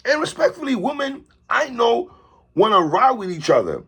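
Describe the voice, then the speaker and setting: A man delivering an animated opinion commentary monologue, calling out a TV host and repeatedly tacking on "sister, respectfully.". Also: extremely high pitch, normal speed, husky. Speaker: commentary vlogger.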